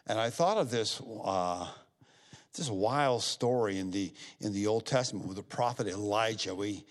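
A middle-aged man leading a church service as pastor, folksy and repetitive, getting more animated as he retells a story. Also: on the low side, normal speed. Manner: folksy, repeats himself, rises when telling a story. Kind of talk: church service announcements and offering talk. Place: church sanctuary.

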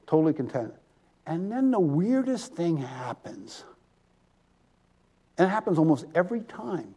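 Man, pastor, sermon, animated, slightly high voice, very lively pitch. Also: a little slow, pauses often, slightly rough. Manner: animated, drawing the congregation to respond.

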